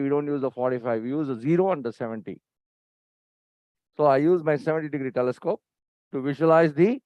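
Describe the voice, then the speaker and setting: A man whose voice sits on the high side and sounds a little mellow teaches a surgery live in an operating theatre, in a dry, dull lo-fi recording with no echo. Instructive in manner, he repeats "see here" and his pointers and quizzes listeners, but he's brisk and impatient with the staff.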